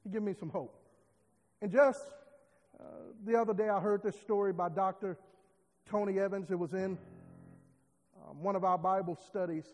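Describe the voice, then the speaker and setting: High-voiced preacher man in a reverberant hall. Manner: rhythmic preaching, rising to shouts. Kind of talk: sermon.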